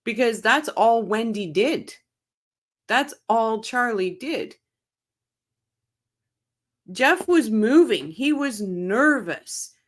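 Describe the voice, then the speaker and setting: A woman's voice: fairly high pitch, animated, very slow, long pauses. A woman from Ontario hosting a casual livestream, chatting with viewers by name and laughing often. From Canada, Ontario. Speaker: livestream host reading viewer chat.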